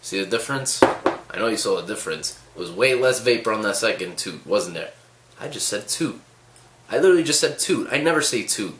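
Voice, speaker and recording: A man who tells stories to the camera casually, with animated, sarcastic asides. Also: lowish voice, fairly quick, background noise. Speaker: vlogger. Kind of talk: casual storytelling. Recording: echoey room.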